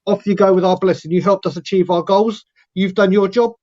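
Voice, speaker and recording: A man's voice: sits high, steady tone, brisk, mellow. A man on a casual live-stream panel, delivering long, emphatic rants and acting out what others might say. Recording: dull, lo-fi sound.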